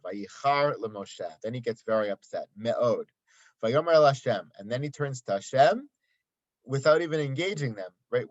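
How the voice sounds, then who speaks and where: A man's voice: medium pitch, no room sound. Man teaching a Torah lesson, dry sound. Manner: explains text, asks rhetorical questions, quotes Hebrew. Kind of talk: daily Torah commentary lesson. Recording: dry, slightly dull sound.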